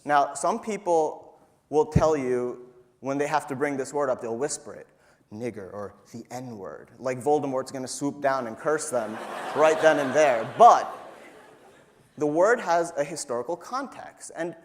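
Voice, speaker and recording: A man's voice: on the high side, unhurried. A young man from New York giving a live stage talk to an audience, punchy and emphatic with a playful, profane edge. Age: young adult. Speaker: student speaker.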